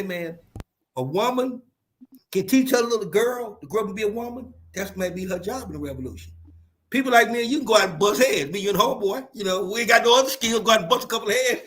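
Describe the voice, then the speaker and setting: An older Southern man, a Marine veteran appearing as a panel guest, speaks in a high-pitched, fairly bright voice with a Southern accent. He rambles through stories on a casual panel and frequently says "hold up, man."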